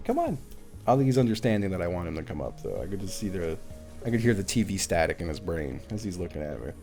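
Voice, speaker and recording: A man's voice: fairly low pitch, darkish tone. A man streaming a game live, chatting casually and animatedly with his viewers, swearing now and then. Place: at home.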